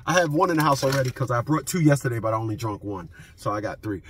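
A man's voice: mid-range voice, a little fast, a bit bright, slight background noise. A man ranting into his phone camera from his parked car, profane and emphatic, repeating his points. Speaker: vlogger. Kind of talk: unscripted ranting vlog.

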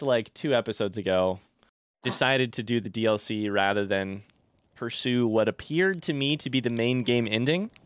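A young man giving casual let's play commentary on a blind playthrough, swearing freely and gasping or shrieking when startled. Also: medium pitch. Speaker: gaming YouTuber.

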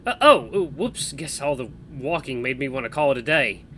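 A man's voice: medium pitch, lively intonation, moderate pace, pushed and bright, a little hiss or hum. A man voicing a nervous young male hero who speaks hesitantly and stammers.

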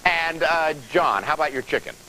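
High, lively male game show host. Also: normal speed, noisy background. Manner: upbeat, lively quizmaster patter. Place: TV studio with audience. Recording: loud TV studio broadcast with music and crowd. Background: music and studio crowd.

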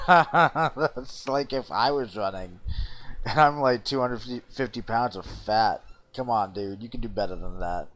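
A young man giving let's play commentary over a horror game, excitable, swearing often and bursting into laughter. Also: mid-range voice, takes it slowly.

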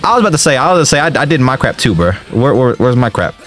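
A young man commenting on his own gameplay, excitable and slangy, often yelling and trash-talking the game as he plays. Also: medium pitch, rapid-fire. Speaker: gaming streamer.

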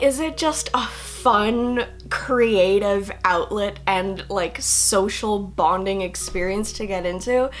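A woman's voice: on the high side, a bit bright. A young woman, a fashion student, chatting casually to camera in a bubbly, giggly, playfully rambling way.

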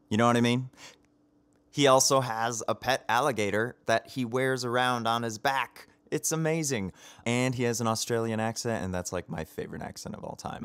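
A man's voice: on the low side, smooth, dry recording. A man talking in a casual video message, chatty and enthusiastic, with frequent ums and little laughs. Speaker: voice actor.

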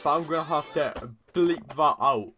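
A man's voice: on the high side, moderate pace, bright, forceful tone, soft background music. A teenage boy doing casual reaction commentary as host, stammering and repeating words, laughing often.

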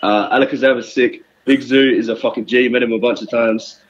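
Male phone-in caller from London, fast and flustered, muffled line with faint hiss. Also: mid-range voice, fairly even intonation. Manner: flustered, rambling. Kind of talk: phone-in call.

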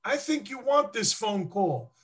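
A man's voice: high voice, lively intonation, measured pace, pitched above the performer's own voice. A man putting on the voice of a sweet-talking woman who phones him, as he retells a story. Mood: coaxing. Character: sweet-talking female team secretary on phone.

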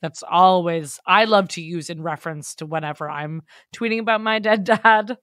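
A woman co-hosting a podcast in casual gossip chat, wry and quick to laugh as she chimes in. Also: on the low side, fairly bright tone, no room sound, clean studio sound. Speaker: podcast co-host.

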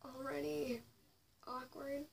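A young woman vlogger tells a personal story to camera in a confessional way, often sinking to a whisper before rising sharply in anger. Her high voice barely moves in pitch, and she speaks slowly with vocal fry. The mic sits slightly distant and picks up faint noise.

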